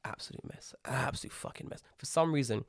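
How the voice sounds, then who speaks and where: A young British man co-hosting a podcast, telling an animated, swear-heavy story in casual chat. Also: mid-range voice, a little fast, no echo, studio quality. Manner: rising to loud exasperated outbursts. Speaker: podcast co-host.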